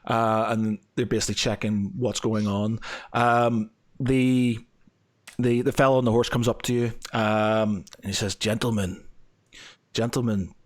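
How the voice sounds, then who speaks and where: A man's voice: mid-range voice, level tone, unhurried. A man narrating as game master, full of fillers and restarts as he describes the scene. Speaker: dungeon master.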